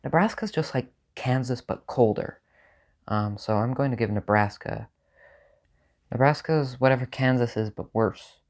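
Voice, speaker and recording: A man hosting a casual comedic video, talking in a dry, offhand, mock-opinionated way with sudden jumps in pitch. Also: unhurried. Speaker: video host ranking states. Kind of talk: casual, deadpan comedic monologue.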